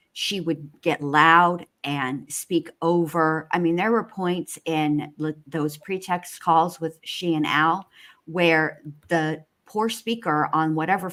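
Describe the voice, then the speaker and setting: A woman with a lowish voice talks through a true crime case with a co-host. She is emphatic and sassy and stretches her words for punch lines. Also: slow, fairly bright tone. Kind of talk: true crime chat show.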